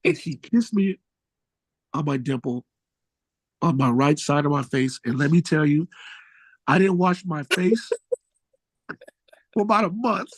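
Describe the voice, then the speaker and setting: A man tells stories as a guest in a casual interview. His voice sits a little higher than usual and rises sharply when he gets excited. The talk is relaxed and full of slang, and the sound is dry and close. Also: a little slow, pauses often, husky, no echo. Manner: animated storyteller, jumps high when excited. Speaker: musician guest.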